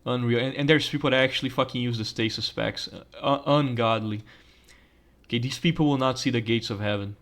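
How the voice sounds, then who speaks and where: A man's voice: medium pitch, fairly even intonation, a little fast, fairly bright tone. Rambling, stammering young male gamer. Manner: stammering, crude joking, rambling. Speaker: gaming channel host. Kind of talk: casual gameplay commentary.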